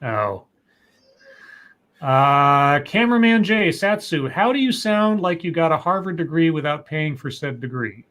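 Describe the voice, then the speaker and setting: A man's voice: on the high side, lively intonation, a little slow, a bit bright. A man co-hosting a live stream, reading viewer messages aloud and chatting in a rambling way with many restarts. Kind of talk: casual live-stream chat.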